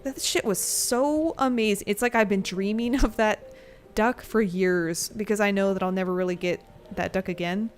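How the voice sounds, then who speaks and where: A woman's voice: mid-range voice, normal speed. Chatty laughing woman streamer, faint music. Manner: rambling, laughs often, swears casually. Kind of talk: casual gameplay commentary and storytelling.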